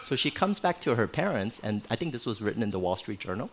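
A middle-aged man preaching a sermon in a church, conversational and animated, with playful asides. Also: on the low side, fast talker, slight background noise. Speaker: pastor.

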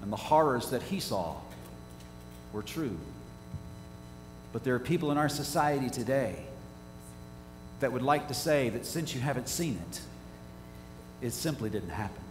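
A male pastor preaching a sermon, asking his congregation rhetorical questions and swinging from quiet to loud. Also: mid-range voice, lively intonation, unhurried, long pauses. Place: church sanctuary. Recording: echoey church hall, faint hum.

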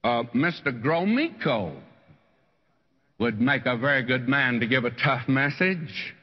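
An older man preaching a sermon as a pastor, telling stories in a folksy, animated way. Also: measured pace. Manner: folksy storytelling preacher with wide swings in pitch. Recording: dull lo-fi archival sermon recording with long hall reverb.

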